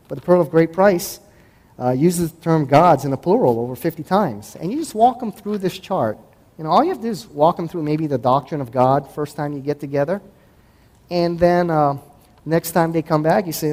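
A man giving a conversational talk to an audience as a host and Christian apologetics speaker, acting out past dialogues in quick voices. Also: fairly high pitch, mellow. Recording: echoey hall with long reverb.

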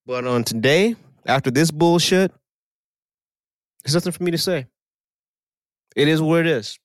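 A man's voice: measured pace, dry recording. A man co-hosting a casual podcast, rambling and sardonic in his opinions. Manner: sardonic, rambling, sudden pitch swings. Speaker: podcast co-host.

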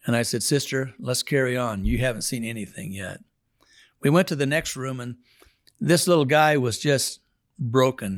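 Man, prison Bible study leader, earnest testimony with repeated words, mid-pitched voice, dry close sound. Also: no echo. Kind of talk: spoken testimony.

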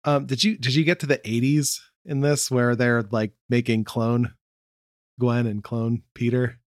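A young man co-hosting a casual chat, laid-back and quick to laugh. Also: mid-range voice, steady tone, dry recording, studio quality. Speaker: podcast co-host.

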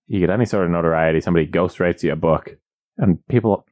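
A man's voice: low voice, fast talker, a little mellow, dry recording. A man co-hosting a podcast, rambling through dry, joking casual chat. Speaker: podcast co-host.

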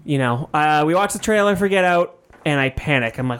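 A man co-hosting a comedy podcast, telling an exaggerated, crude story and often clearing his throat. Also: a little high, expressive, a little fast, a bit bright. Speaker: podcast co-host.

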